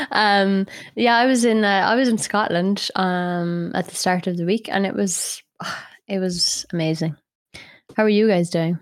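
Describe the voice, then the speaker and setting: A woman's voice: medium pitch, a little slow, dry recording. A woman co-hosting a casual podcast who laughs often and teases her co-hosts dryly. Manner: giggly, laughs often, dry teasing. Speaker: podcast co-host.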